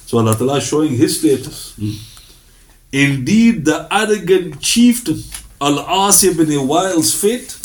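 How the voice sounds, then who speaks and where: Fairly high-voiced man giving a religious lesson. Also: a little slow. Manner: reads references in a steady list, then acts out dialogue in asides. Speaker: Islamic history teacher. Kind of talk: recorded religious lecture with Quran recitation.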